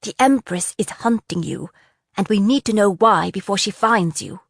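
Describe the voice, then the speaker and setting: A woman's voice: medium pitch, moderate pace, creaky, dry recording, clean studio sound. A woman reading a stern male interrogator who presses with clipped, cold questions. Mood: pressing.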